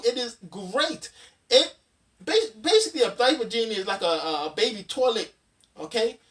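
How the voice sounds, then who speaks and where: A man's voice: high-pitched, bright, forceful tone. A man in his thirties hosting a casual dad-advice vlog, rambling through a countdown list with plenty of fillers and restarts. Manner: rambling, chatty, with frequent fillers and loose restarts. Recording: voice somewhat distant from the mic.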